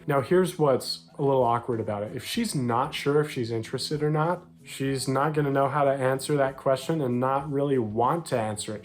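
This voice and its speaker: A young American man coaching men on dating, talking straight to the viewer in an upbeat, direct way and acting out short quoted lines. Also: medium pitch. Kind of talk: direct-to-camera advice talk.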